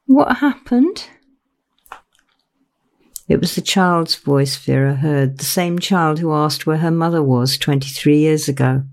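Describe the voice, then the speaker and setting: A woman narrating her own novel in a measured, unhurried reading. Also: deep voice, fairly even intonation. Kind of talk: audiobook narration.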